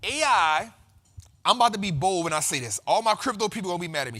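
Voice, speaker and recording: A man hosting a finance show, giving energetic market commentary in a slangy, emphatic way and repeating lines for effect. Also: sits high, fast talker.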